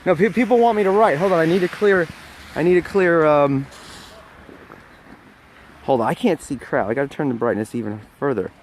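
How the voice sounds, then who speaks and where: A man's voice: a little high, fairly quick, long pauses, a little hiss or hum. A man with a New York accent hosting a casual live stream from his phone, outdoors on a snowy street, joking with viewers and cold. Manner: joking, chatty, talking to viewers while walking in snow. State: cold, freezing. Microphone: phone held in hand.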